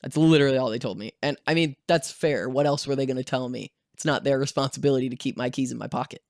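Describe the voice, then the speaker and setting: A young man telling a story in a casual, animated vlog style, swearing freely and acting out the voices of the people in it. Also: medium pitch, fast, creaky, no echo, studio quality. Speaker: vlogger.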